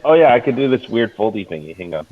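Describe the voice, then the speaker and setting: A man's voice: on the low side, fast, phone-quality sound, slight background noise. Playful man with a swinging voice. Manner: playful, jokey, with excited outbursts. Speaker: player. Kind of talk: casual game chat.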